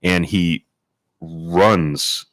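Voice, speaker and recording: A man co-hosting a podcast, telling a story in casual chat and acting out the people in it with sudden high-pitched quotes. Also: very slow, no echo. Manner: animated, acts out quotes in a high voice. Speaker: podcast co-host.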